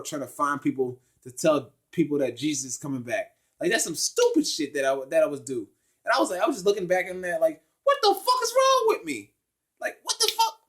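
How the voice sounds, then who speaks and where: A young man in a casual spoken monologue, blunt, profane and preachy, growing loud and emphatic as he talks. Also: fairly high pitch. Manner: emphatic, rising to loud outbursts. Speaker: spiritual vlogger.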